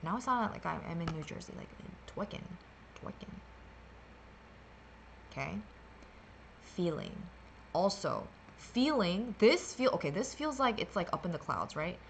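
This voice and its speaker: A woman's voice: fairly low pitch, big pitch swings, measured pace, vocal fry, long pauses, a little hiss or hum. A woman hosting a meditation livestream, talking casually and sassily through a card reading, rambling with playful filler sounds.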